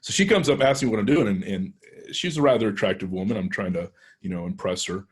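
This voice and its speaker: Speaking fast in a fairly low, breathy voice, this man with a Texan accent is a penetration tester guesting at a club. His story wanders, full of hesitations and restarts.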